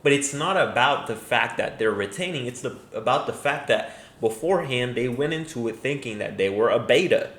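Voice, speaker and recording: A man's voice: medium pitch, expressive, normal speed, hardly any pauses, a bit bright. A man giving crude, mocking reaction commentary, emphatic and profane. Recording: echoey room.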